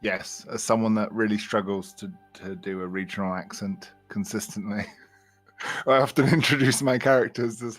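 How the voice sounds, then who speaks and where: Male host, low voice, worn out and rambly, casual chat. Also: steady tone, normal speed, faint music behind. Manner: rambling, with many restarts and laughs. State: tired after a long event. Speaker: charity stream organizer.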